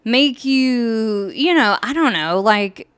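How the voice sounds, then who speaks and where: A woman's voice: fairly high pitch, animated, smooth, no echo. A woman hosting her podcast, talking casually about her book with fillers and nervous laughs, and getting emotional while fighting back tears. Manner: slow, soft-spoken, with fillers and nervous laughs. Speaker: podcast host and author. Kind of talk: casual chat with a read-aloud book introduction. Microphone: podcast mic.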